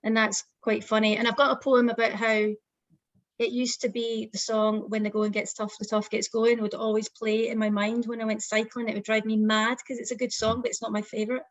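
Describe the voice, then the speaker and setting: A woman's voice: fairly high pitch, flat delivery, fairly quick, no echo, poor audio. A young adult woman poet, speaking as a guest in an online festival interview, thoughtful and a little hesitant.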